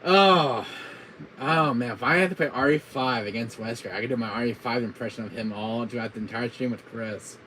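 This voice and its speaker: A man casually chatting with his viewers on a gaming live stream, giggly and excitable. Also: medium pitch, fairly quick, slight background noise, poor audio.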